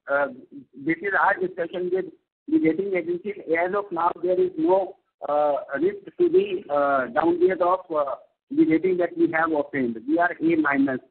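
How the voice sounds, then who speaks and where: A man with a high, very gravelly voice answers questions about the company's credit rating. He talks hesitantly, with many pauses and fillers, and his pitch swings widely. The audio is thin and phone-like. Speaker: company finance executive. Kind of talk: earnings call answers. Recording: tinny phone line.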